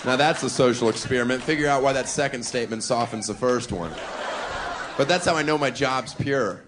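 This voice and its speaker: A man's voice: medium pitch, a little fast. A man performing provocative live stand-up comedy on a club stage, with mock-defensive asides. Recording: live club with loud crowd noise.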